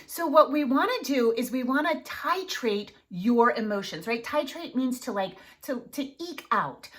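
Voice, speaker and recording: A woman coaching parents in an emphatic, animated way, often checking in with "right?". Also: a little high, a little slow. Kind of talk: advice talk to camera.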